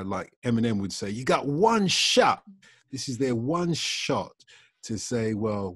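A man's voice: fairly low pitch, a little mellow, no room sound. A man hosting a casual football discussion, chatty and laughing easily. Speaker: host.

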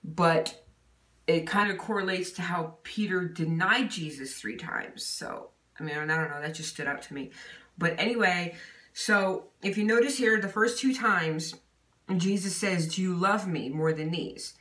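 A woman gives an informal Bible teaching in an echoey room, her voice set back from a distant mic. She speaks low-ish, unhurried, and fairly bright, using casual fillers like "you know" and "okay?".

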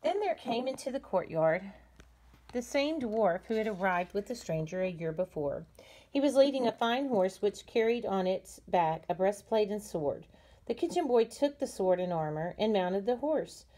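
A woman reading a storybook aloud to students, unhurried and gentle, with small slips. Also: medium pitch, animated.

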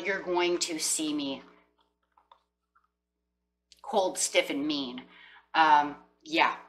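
A woman's voice: on the low side, sharp tone, distant mic, slight background noise, poor audio. A woman giving a chatty tarot reading, acting out what people might say. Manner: chatty, acts out quoted voices with emphasis. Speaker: tarot reader.

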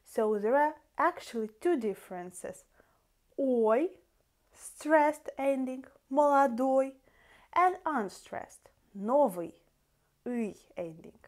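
A woman with a Russian accent gives a language lesson in a fairly high voice. She talks at an unhurried, deliberate pace and calls her viewers dear friends. She stops often to sound out word endings one by one. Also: animated, darkish tone. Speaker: language teacher.

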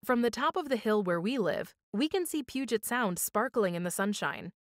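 A woman reading a children's story aloud for storytime, with expressive, measured storytelling. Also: mid-range voice, no room sound, clean studio sound. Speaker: storytime reader.

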